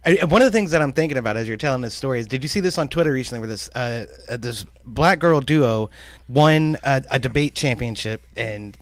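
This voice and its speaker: Lively man, casual profane banter. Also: medium pitch, brisk, no echo. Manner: casual, profane, chuckling reactions. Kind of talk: casual call-in show chat.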